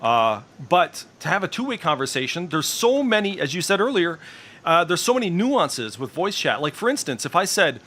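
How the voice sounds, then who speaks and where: A man's voice: fairly high pitch, big pitch swings, fairly quick, fairly bright tone. A middle-aged man streaming in casual voice chat, ranting with heavy profanity and strong opinions.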